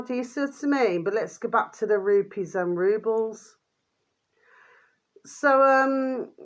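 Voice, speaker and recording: A woman's voice: mid-range voice, fairly bright tone. An older woman vlogging in a rambling casual monologue, full of fond pet names, fillers and trailing restarts.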